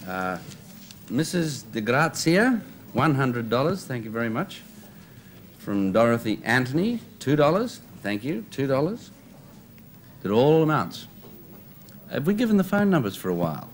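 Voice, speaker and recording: A man's voice: medium pitch, very animated, unhurried, slight background noise. An Australian man reading telethon donations in a plain, businesslike way. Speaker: telethon presenter.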